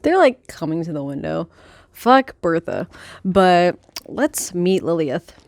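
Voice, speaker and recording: A woman hosting a book club podcast in a rambling, excitable, casual chat, swearing freely, outdoors by a chicken coop and filmed on a handheld phone. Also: fairly low pitch, slow, creaky, no room sound, studio quality. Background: chickens clucking.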